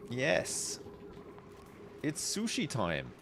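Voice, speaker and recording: A man streaming a game live, chatting casually and thinking aloud, with frequent fillers and quick excited reactions. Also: medium pitch, creaky, slight background noise. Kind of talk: casual gameplay commentary.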